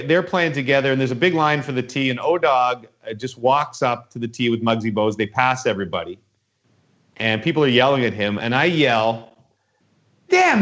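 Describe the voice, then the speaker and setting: A man's voice: medium pitch, a bit bright. A man hosting a podcast in casual chat, rambling through a story and acting out the voices in it. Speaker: podcast host. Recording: dull lo-fi sound.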